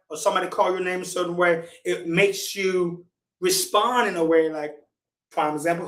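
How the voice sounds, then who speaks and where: High-voiced man teaching in a roomy hall. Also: steady tone, a bit bright. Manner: deliberate, repeats key points for emphasis. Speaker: church teacher. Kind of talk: church teaching lesson. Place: church meeting room. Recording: roomy echo, distant from the mic.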